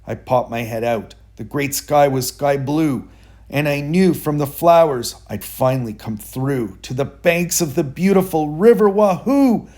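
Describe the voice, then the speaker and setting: A man reading a rhyming children's story aloud in a rhythmic, expressive way. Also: on the high side, a little slow.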